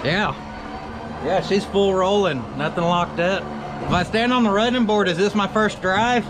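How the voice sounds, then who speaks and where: Folksy man, somewhat high voice. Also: normal speed, noisy background. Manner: folksy, joking, country slang. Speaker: shop owner and channel host. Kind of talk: casual vlog commentary. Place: outdoors behind a workshop, by a carport.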